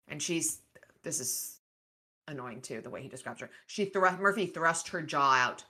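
A woman's voice: low voice, big pitch swings, normal speed, sharp tone. A woman co-hosting a book podcast, chatting casually and reading passages aloud from the novel.

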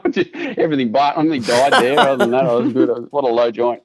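An Australian man guesting on a podcast, his words tumbling out at a rapid clip. He tells stories in easy, casual chat with a mid-pitched voice. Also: very animated, a loud crowd. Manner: fast-talking storyteller.

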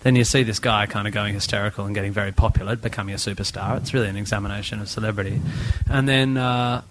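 A man's voice: lowish voice, steady tone, fast, background noise. A man, a podcast guest, talking casually and animatedly with many restarts and fillers.

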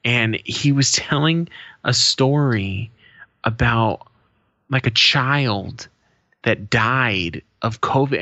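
A man with a bright, clear voice of average pitch chats on a podcast, trading wry, deadpan jokes with casual swearing. The recording is close and dry, with no room sound around him. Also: slow pace, dry recording, muffled recording. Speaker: podcast co-host. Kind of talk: casual chat.

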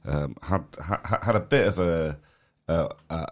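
A man with a Manchester accent and a very deep, low voice chats casually on a podcast. He sounds tired and rambles, restarting his sentences often. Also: measured pace. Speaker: podcast co-host, comedy promoter. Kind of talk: casual chat.

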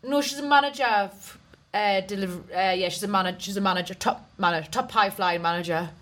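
A woman's voice: mid-range voice, brisk, fairly bright tone. A woman co-hosting a comedy podcast, telling a long giggly anecdote in casual chat.

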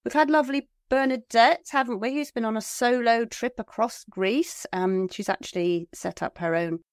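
A middle-aged woman co-hosting a podcast in casual chat, playful and quick to poke fun at herself. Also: a little high, dry recording, clean studio sound. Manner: playful and self-deprecating. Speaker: podcast co-host.

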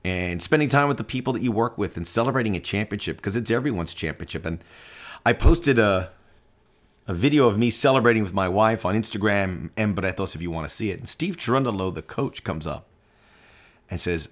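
Low-voiced man telling an emotional story. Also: brisk. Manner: emotional, animated storytelling with quoted dialogue. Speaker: podcast host. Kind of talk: personal story on a soccer podcast.

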